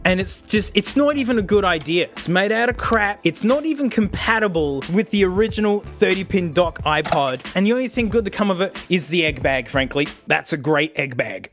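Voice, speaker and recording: A young man talking casually in a tech review vlog, excitable and jokey, with loud bursts of laughter. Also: sits high, fairly quick, hardly any pauses, faint music behind. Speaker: tech video host.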